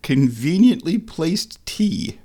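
A man hosting a comedy show, talking in a drawn-out, deadpan, mock-dramatic ramble. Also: fairly high pitch. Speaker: host.

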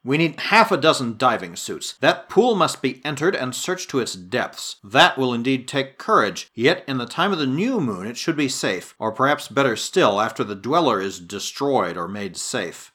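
A man's voice: mid-range voice, very animated, moderate pace, hardly any pauses, a bit bright, husky. A man voicing an earnest, haunted scientist. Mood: resolute. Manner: earnest, deliberating, at times drowsy. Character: earnest, troubled male scientist, resolute yet haunted.

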